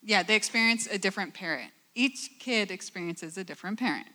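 A woman's voice: mid-range voice, lively intonation, a little fast, bright, forceful tone. A woman in her forties speaking reflectively and searching for words as a guest in a church panel conversation.

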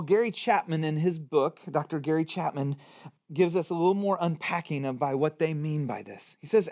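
A man preaching a sermon as pastor, animated and emphatic, using rhetorical questions and sudden bursts of emphasis. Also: on the high side.

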